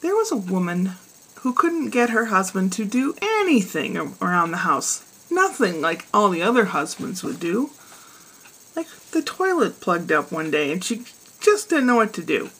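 A woman's voice: mid-range voice, big pitch swings, normal speed, fairly bright tone, breathy edge, rough recording. A woman hosting a weekly joke segment, telling a joke in a chatty, casual way. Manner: chatty storyteller.

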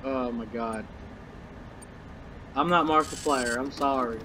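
A man's voice: mid-range voice, slow, background noise. A young man commentating a horror game, jittery and nervous, swearing and muttering to himself. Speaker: gamer.

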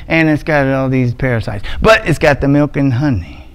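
A man's voice: medium pitch, moderate pace, clear, resonant tone, rough recording. A man with an Alabama accent preaching a casual, joking sermon full of slang. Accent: Southern US, Alabama. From Montgomery, Alabama. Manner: joking, loose and conversational, with slang. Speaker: pastor. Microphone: microphone with adjustable sound.

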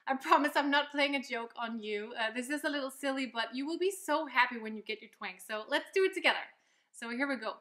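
Bright high-voiced woman teaching singing. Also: fast. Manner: upbeat, encouraging, explains step by step. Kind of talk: vocal lesson with demonstrations. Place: loud location, not a quiet studio.

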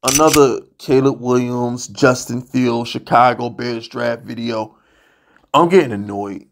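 A man's voice: mid-range voice, lively intonation, unhurried, gravelly. A man ranting bluntly and profanely as a sports vlogger, exasperated and worked up. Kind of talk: heated sports rant.

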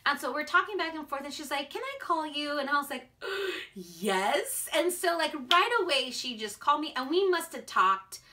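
Bubbly bright-voiced American woman. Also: high-pitched, animated, moderate pace. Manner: bubbly, chatty, frequent filler words. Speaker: vlogger. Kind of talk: casual chat to camera.

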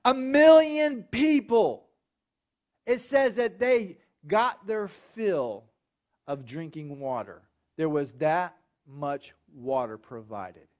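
A man preaching a sermon in a church, telling Bible stories in an animated, conversational way. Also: high voice, slow pace. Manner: animated storytelling with acted voices. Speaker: pastor.

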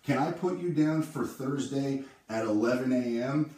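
Pushy cold-calling real estate agent, echoey. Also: male voice, normal speed. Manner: pushy, upbeat sales pitch on calls, flat asides. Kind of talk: live prospecting calls with asides.

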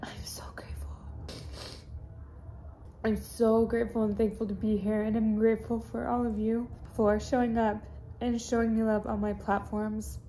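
Young female fitness vlogger, teary crying voice, mellow and slightly high, recorded on a phone in a hotel room. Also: level tone, normal speed, a little hiss or hum. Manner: gushing, heavy use of "like". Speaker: fitness influencer. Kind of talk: casual vlog confession.

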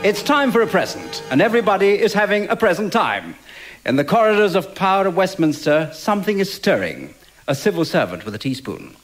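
A man opens a 1980s radio comedy with a theatrical, punning announcement. His voice is high and lively. Clear music plays behind him on the old broadcast. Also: a little fast. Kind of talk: mock-dramatic radio announcement.

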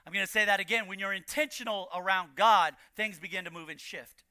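High-voiced preaching pastor, sharp tone. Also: male voice, a little fast, clear, resonant tone, no echo, studio quality. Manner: preaching with rising, shouted emphasis and repeated lines. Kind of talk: sermon. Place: church.

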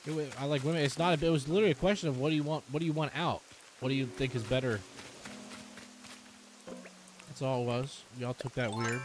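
A man's voice: mid-range voice, fairly even intonation, music in the background. A man streaming a video game, talking casually to his chat and swearing freely, given to sudden yelps. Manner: talks straight to chat, swears freely, quick to yelp. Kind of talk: casual live-stream commentary.

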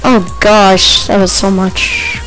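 Excitable chatty woman gamer. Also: on the high side, over loud music, poor audio. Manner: chatty and excitable, quick outbursts. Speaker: video game player. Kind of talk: casual gameplay commentary.

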